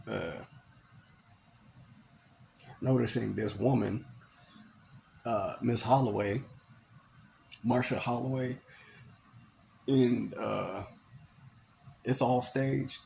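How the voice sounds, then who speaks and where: A man's voice: medium pitch, fairly even intonation, very slow, creaky, pauses often, warm tone, a little hiss or hum. A man recapping a movie in a casual, rambling way, full of "you know" and "like". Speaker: movie reviewer.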